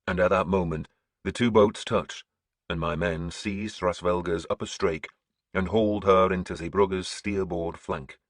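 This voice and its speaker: A man narrating an audiobook in a grim, measured storytelling manner. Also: sits low, steady tone, slightly rough, no echo, studio quality.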